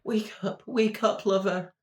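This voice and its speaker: A man voicing an anxious gnome mother in a put-on mixed accent, raised to a high pitch. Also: fairly even intonation, a little slow, echoey room. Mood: pleading. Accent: mixed Scottish and Irish-style put-on accent.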